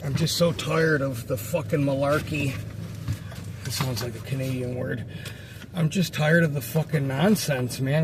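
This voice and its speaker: A man's voice: medium pitch, fairly even intonation, moderate pace, a little hiss or hum. A man ranting casually to camera, frustrated and swearing, rambling with many restarts.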